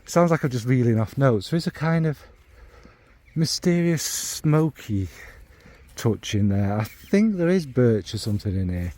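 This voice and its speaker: This fragrance reviewer has a Northern English accent and a dark, medium-pitched voice with lively intonation at a moderate pace. His casual review wanders as he searches for the right descriptive words, and he's blunt, occasionally swearing.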